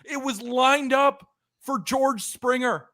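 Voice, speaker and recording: Excitable high-voiced male podcast host. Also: takes it slowly. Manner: excitable, rambling. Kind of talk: live post-game reaction talk.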